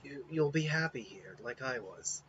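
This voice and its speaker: A man voicing a frail, calm young male ninja who speaks quietly, slowly and reverently, on a dull, lo-fi recording. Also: mid-range voice, lightly acted. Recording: dull lo-fi with faint hiss.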